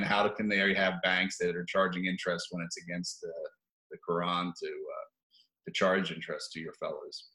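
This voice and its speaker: A man's voice: mid-range voice, a bit bright. Sardonic, profane man in an echoey room. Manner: profane, sardonic, chuckling asides. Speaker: video commentator. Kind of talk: rambling opinion commentary.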